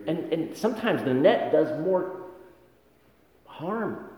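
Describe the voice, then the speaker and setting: A man's voice: on the high side, animated, slow, darkish tone. A man preaching a sermon, telling stories in a conversational way with self-deprecating humor. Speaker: pastor. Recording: echoey hall with long reverb.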